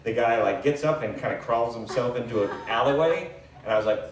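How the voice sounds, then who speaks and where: A man doing live stand-up, telling a rambling, self-deprecating story with lots of fillers and quick asides. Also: mid-range voice. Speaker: stand-up comedian. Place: comedy club stage. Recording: echoey room, distant mic, faint hiss.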